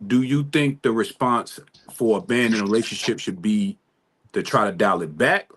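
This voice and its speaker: A man's voice: on the low side, moderate pace, fairly bright tone. Casual male podcast host. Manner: casual, slangy, puts questions to the guests.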